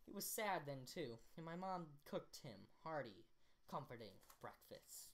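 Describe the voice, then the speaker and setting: A young woman with a low voice reads a novel aloud, playful and prone to stopping and correcting herself. Her pitch swings widely from line to line. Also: big pitch swings, unhurried, a little hiss or hum. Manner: playful, self-interrupting, slips into voices. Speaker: reader. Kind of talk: casual amateur book reading.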